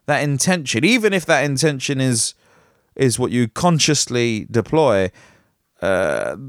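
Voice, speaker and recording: A man's voice: mid-range voice, a bit bright, dry recording, studio quality. A man hosting a podcast, reading news items and breaking off into jokey, rambling asides, laughing at himself. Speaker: podcast host.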